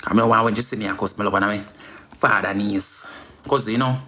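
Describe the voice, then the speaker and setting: A Jamaican woman ranting crudely on a live video, trading loud insults and singsong taunts. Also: extremely low pitch, fairly even intonation, brisk. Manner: loud crude cussing, sing-song taunts. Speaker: social media personality. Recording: roomy echo.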